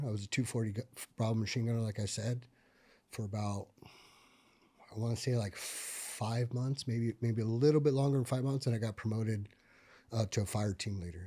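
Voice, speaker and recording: A man, a military veteran, telling stories from his service in a casual podcast chat, full of fillers and swearing, and getting loud and animated at the tense parts. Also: on the low side, a little fast. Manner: profane, filler-heavy, gets animated and loud when reliving tense moments. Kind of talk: casual conversational storytelling.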